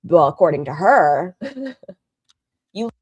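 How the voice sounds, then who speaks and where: Woman streamer reacting to clips, sarcastic and blunt, swears a lot, kinda low voice, dry sound. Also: very animated, extremely slow, darkish tone, slightly rough, no echo, dull audio. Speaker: live-stream host. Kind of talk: live-stream reaction commentary.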